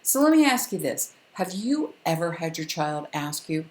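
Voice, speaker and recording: This parenting educator is a calm older woman whose slightly low voice echoes in the room around her. She teaches parents in a direct-to-camera lesson, firmly and instructively, pausing deliberately between points.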